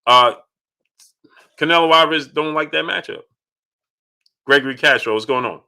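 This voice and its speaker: A man's voice: on the high side, moderate pace, vocal fry, pushed and bright, smooth. A man hosting a live boxing talk stream. He greets chat viewers by name and repeats his points with emphasis. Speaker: boxing channel host.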